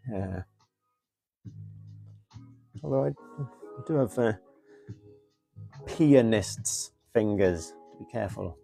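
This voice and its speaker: A man's voice: medium pitch, vocal fry, darkish tone. A man talks casually through a live crafting stream, half to himself and half to his viewers. His voice sits mid-range, and faint music plays in the background. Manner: chatty, mutters while working, reads viewer comments. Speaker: model railway hobbyist streamer.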